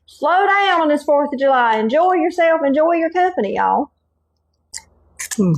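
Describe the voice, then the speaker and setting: A middle-aged woman with a Carolina Southern accent talks viewers through a recipe in a chatty, folksy way. Her voice sits a bit high, and she keeps coming back to "y'all" and "okay.". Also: lively intonation, normal speed. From North Carolina. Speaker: cooking channel host. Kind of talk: home cooking demonstration.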